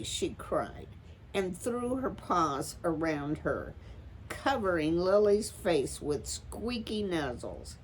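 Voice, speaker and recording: Slow, calm woman reading a storybook. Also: on the low side, a little hiss or hum, rough recording. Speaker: storytime reader. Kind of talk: reading a children's chapter book aloud.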